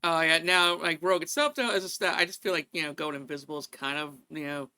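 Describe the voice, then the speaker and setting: A man's voice: a little high, pushed and bright, clean tone, no room sound. A man chatting on a gaming podcast, rambling with many fillers as he gives his picks. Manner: fast, rambling, full of fillers. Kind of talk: casual gaming chat.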